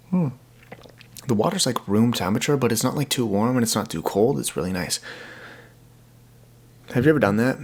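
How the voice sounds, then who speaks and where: A man's voice: sits low, creaky. A young man hosting his own podcast, talking alone in an earnest, rambling way and often repeating words as he restarts. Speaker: podcast host. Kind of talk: casual solo podcast monologue.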